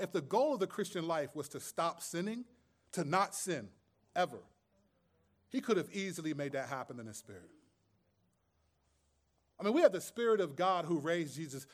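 A man preaching a sermon as pastor, conversational and streetwise, with humor and rhetorical questions. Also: high-pitched.

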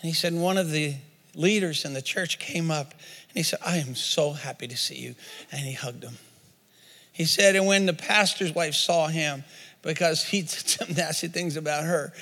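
A man's voice: fairly high pitch, fairly bright tone, long reverb tail. A man preaching a sermon as pastor, telling a story with quoted voices and repeated words, then leading a prayer.

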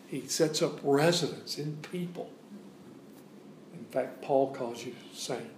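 A man's voice: medium pitch, slow pace, roomy sound, slight background noise, rough recording. A man giving a sermon as a guest preacher in a church, preaching in a conversational way and repeating phrases for emphasis. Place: church sanctuary.

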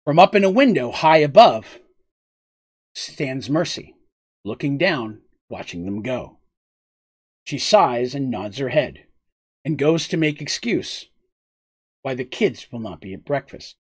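A man's voice: mid-range voice, very animated, a little slow, long pauses, husky. A man narrating a tabletop role-playing game as game master, in a loose, rambling way with frequent asides.

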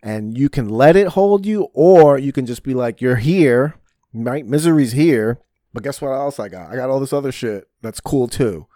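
A man's voice: medium pitch, animated, moderate pace, hardly any pauses, dark tone, dry recording, clean studio sound. A man hosting his own podcast in a casual solo rant, rambling and swearing often, with frequent fillers and restarts. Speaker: podcast host. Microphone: podcast mic.

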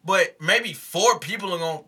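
A man in profane casual chat, excitable and repeating himself as he makes a point. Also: high voice, normal speed, a loud crowd. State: high.

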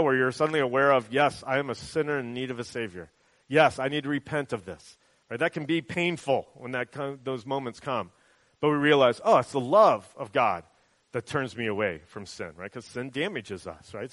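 A man's voice: on the high side, dry recording. A middle-aged man preaching a sermon in a conversational way, often checking in with "right?". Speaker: pastor.

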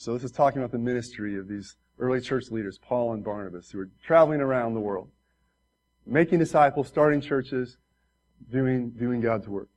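Pastor guy giving a sermon, mid pitch, earnest and chatty, talks right at the congregation. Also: normal speed, long pauses, a little mellow, low-quality recording. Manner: earnest, conversational preaching with direct asides to the congregation.

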